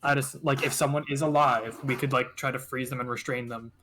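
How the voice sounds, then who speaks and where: A man talks through his character's plan in a tabletop game and explains it step by step with frequent pauses. The chat has a busy, crowded sound. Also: medium pitch, steady tone, a crowd in the background. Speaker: player.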